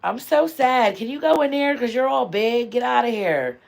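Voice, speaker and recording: A woman comedian hosting a casual livestream, talking in an animated, loud and teasing way, full of slang. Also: fairly high pitch, moderate pace, gravelly.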